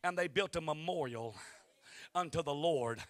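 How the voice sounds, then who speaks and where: A man preaching a revival sermon in a church, who climbs to shouting and calls for responses from the congregation. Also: fairly high pitch, normal speed. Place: church sanctuary.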